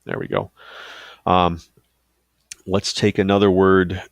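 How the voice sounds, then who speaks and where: A man casually talking through a software tutorial, thinking aloud with loose fillers and asides. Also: low-pitched, flat delivery, slow, gravelly, dry recording, dull audio. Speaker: teacher giving a software tutorial. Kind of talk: screen-recorded tutorial.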